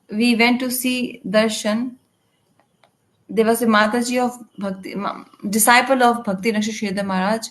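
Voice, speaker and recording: Woman with a slightly high voice, live interpreter for a spiritual class, halting delivery with restarts. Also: rough recording. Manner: halting, with frequent restarts and fillers. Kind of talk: live translation of a devotional lecture.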